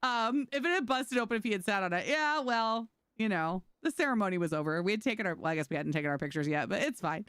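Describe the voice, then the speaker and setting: A woman's voice: mid-range voice, animated, quick pace, few pauses, a bit bright, clean tone, no echo, clean studio sound. A woman streamer chatting casually with her viewers while playing, telling stories and laughing often. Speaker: game streamer. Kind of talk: casual livestream chat.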